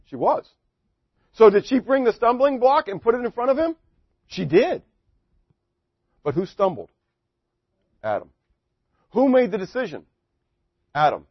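A man's voice: very high voice, sing-song, a little slow, pauses often, husky, no echo, highs cut off. A middle-aged man preaching as a pastor, in a joking, conversational way, full of rhetorical questions to his congregation. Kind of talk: sermon.

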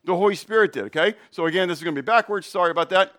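A man's voice: sits high, racing, sharp tone. A middle-aged male pastor preaching a conversational sermon, asking the congregation questions and telling jokes and personal stories.

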